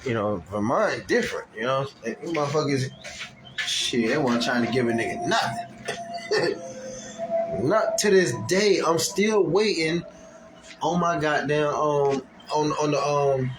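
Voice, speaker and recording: A man giving a casual, profane video update, telling stories in a loose, animated way. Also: on the high side, unhurried, over music. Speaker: vlogger. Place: Florida.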